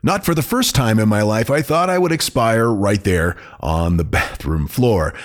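A man's voice: fairly low pitch, expressive, moderate pace. A man hosting a podcast, reading a listener's funny email aloud with amusement and often breaking into laughter. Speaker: podcast host.

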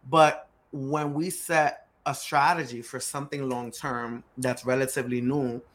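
A man who runs a growth firm for startups, telling stories on a podcast with lively energy, acting out quotes and hammering key words through repetition. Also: mid-range voice, unhurried. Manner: animated storyteller acting out quotes; emphatic, repeats key words. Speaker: startup growth CEO guest. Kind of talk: podcast interview conversation.

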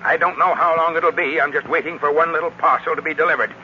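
A man playing a gruff, suspicious older man in a 1940s radio drama, with a curt and blunt way of talking. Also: on the high side, steady tone, fast talker, a little hiss or hum, close to an everyday voice. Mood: grumpy. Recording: dull lo-fi old radio recording.

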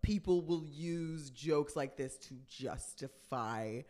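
A man's voice: fairly high pitch, slow, a little mellow. A man co-hosting a podcast, chatting casually, careful and hedging as he raises a concern. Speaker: podcast co-host. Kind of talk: casual chat.

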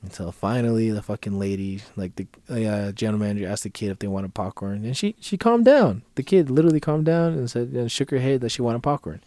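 A man's voice: on the low side, animated, a little fast, few pauses, dark tone, dry recording. A man co-hosting a podcast, telling a story in casual profane chat and acting out the people he quotes in a raised voice. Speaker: podcast co-host.

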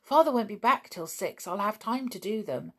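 A woman voicing a sullen teenage boy artist in a storybook reading, quiet and bitter. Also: mid-range voice, animated, normal speed, voice pushed up.

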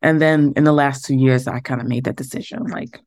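A woman's voice: extremely low pitch, fairly even intonation, a little fast, darkish tone, dry recording, clean studio sound. A woman, chatting candidly as a podcast guest in an easygoing, self-deprecating way. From the Bronx, New York. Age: late 30s. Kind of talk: casual interview chat.

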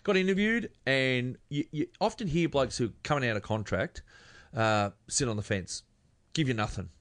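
A man with an Australian accent, co-hosting a casual footy chat podcast, animated and jumping to high exclamations. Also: moderate pace, no room sound. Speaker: podcast co-host.

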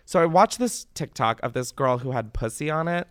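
A young man hosting a podcast, chatting casually and ranting with animated, profane exasperation. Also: medium pitch, brisk, clean tone, no room sound, clean studio sound. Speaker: podcast host.

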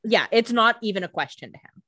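A woman's voice: medium pitch, lively intonation, brisk, bright, forceful tone, dry recording, studio quality. A woman co-hosting a podcast, chatting casually and adding joking commentary on the episode. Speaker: podcast co-host. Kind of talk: casual recap chat.

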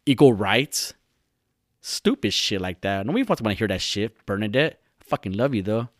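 A man's voice: on the low side, very animated, fairly quick, no room sound. Young male podcast host, foul-mouthed, rambling mockery, dry close sound. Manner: profane, rambling, mocking. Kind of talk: solo podcast rant.

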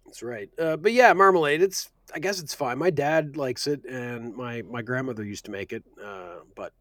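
A man's voice: mid-range voice, normal speed, a bit bright, dry recording. Dry-voiced rambling male podcast host. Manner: rambling, self-correcting, casual swearing. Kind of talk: casual film chat.

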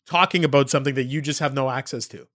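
A man from Canada co-hosting a sports podcast, eager and talking in quick bursts to his listeners. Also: medium pitch, a bit bright. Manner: eager, rapid bursts, audience-addressing. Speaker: podcast co-host. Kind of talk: casual sports chat.

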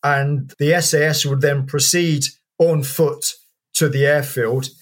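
A man, an author and historian, answering an interview question as a lively anecdotal story with many fillers and restarts. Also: fairly high pitch, a little slow.

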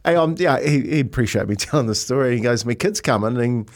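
A man's voice: medium pitch, fast talker. A middle-aged man from New Zealand, a podcast co-host telling stories in casual chat, rambling with many restarts.

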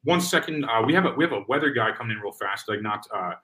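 Man, podcast host, casual chat, fast pace, bright tone. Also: medium pitch, expressive.

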